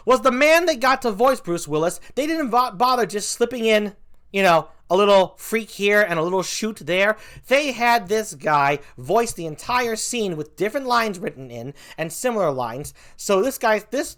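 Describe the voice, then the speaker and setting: Stand-up comic, male, bright tone, mock-outraged rant with low asides. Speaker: stand-up comedian.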